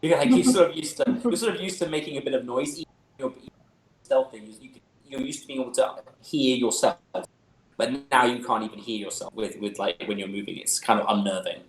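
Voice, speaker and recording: A man's voice: mid-range voice, expressive, brisk. Rambling male game master in a roomy space. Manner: rambling, chuckling descriptive narration. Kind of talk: narrating a tabletop game.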